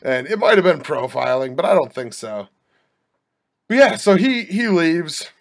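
A young man with a slightly higher voice than most tells a long story on his podcast. He rambles and restarts, throws in asides, and keeps a wry, joking edge throughout. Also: sing-song, unhurried. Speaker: podcast host. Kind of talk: casual storytelling monologue.

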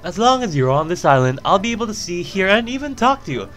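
A man's voice: high-pitched, sing-song, a bit bright, soft background music, pitched above the performer's own voice. A man voicing a bossy young woman producer. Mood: commanding. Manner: brisk, teasing, commanding.

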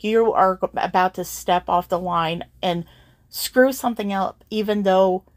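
A woman's voice: medium pitch, no room sound, studio quality. A young adult woman hosting her channel, talking to her viewers in a heartfelt, earnest way, emotional and holding back tears. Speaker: channel host. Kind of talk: heartfelt personal talk to viewers.

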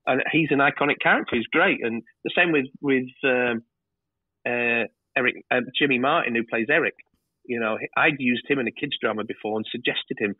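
A man, a TV director, telling lively stories in a casual interview and swearing freely. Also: medium pitch, a little fast, no echo. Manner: animated storyteller, swears freely. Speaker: TV director, guest. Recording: tinny phone-like line.

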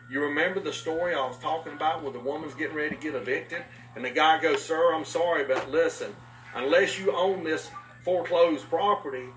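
A pastor preaching with animated storytelling, his voice sitting a little high for a man. He is heard from a distance in an echoey room. A faint hiss sits under his voice. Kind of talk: sermon. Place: live-streamed talk.

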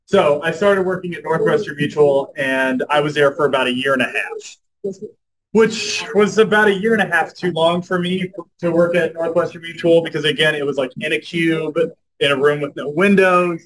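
A young man giving a storytelling talk, animated and filling his speech with "like" and "um". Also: fairly high pitch, normal speed, crowd noise, rough recording. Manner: animated, says "like" and "um" a lot. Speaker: guest speaker at a club meeting.

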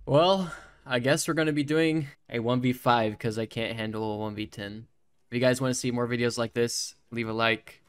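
A man giving excited live gameplay commentary, yelping and swearing whenever something surprises him. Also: medium pitch, moderate pace, clear, resonant tone. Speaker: gaming streamer. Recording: loud game gunfire under voice.

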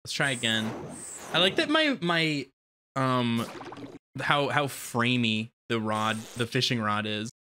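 Excitable, bright-voiced game streamer. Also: mid-range voice, slow pace, slight background noise. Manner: excitable, swears a lot, yelps at jump scares. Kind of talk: casual let's-play commentary.

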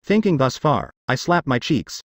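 A man's voice: mid-range voice, big pitch swings, normal speed, dry recording. A man narrating a fantasy web novel audiobook in the first person, with a wry, sardonic inner monologue.

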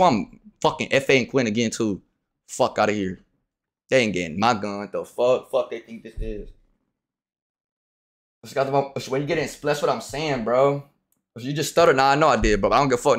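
A young man streaming a game, ranting in a profane, casual way that swings from loud outbursts to low muttering. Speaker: livestreamer. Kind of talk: casual gameplay commentary.

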